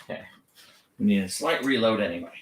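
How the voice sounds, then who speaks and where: A man training a dog on camera, gently encouraging it and explaining each step. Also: lowish voice, lively intonation, a little fast, distant mic. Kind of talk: live training demonstration with explanation. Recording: echoey room, off-mic, faint noise.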